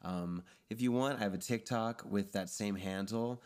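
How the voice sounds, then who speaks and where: A man talking as a guest on a podcast, loose and chatty, with a slightly low-pitched voice. He strings his thoughts together with a constant "like". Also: moderate pace, darkish tone, clear, resonant tone. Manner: chatty, fills speech with "like". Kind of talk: casual chat.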